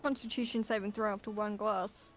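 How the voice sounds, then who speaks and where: A woman's voice: medium pitch, fairly even intonation, a little fast, soft background music. A woman playing a tabletop game, chatting casually and joking at her own expense. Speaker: player.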